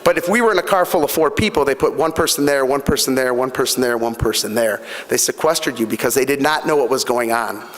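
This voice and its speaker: This guest speaker at a fundraising breakfast is a middle-aged man with a medium-pitched, slightly bright voice who talks fast, hardly pausing. His motivational stories are sincere and personal, laden with fillers and repeats. Long reverb from the hall is audible.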